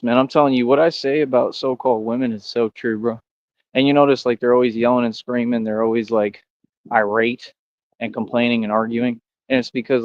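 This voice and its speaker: A man's voice: medium pitch, no echo. A man boasts and argues with his livestream chat, confrontational and sure of himself, tossing in "bro" again and again. The audio is dry and a little dull, like a cheap stream mic.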